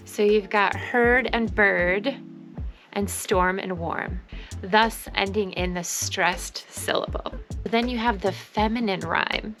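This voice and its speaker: A woman's voice: medium pitch, slow pace, fairly bright tone, soft background music. A woman hosting a casual vlog about thrifted finds she resold, talking with enthusiasm and frequent exclamations.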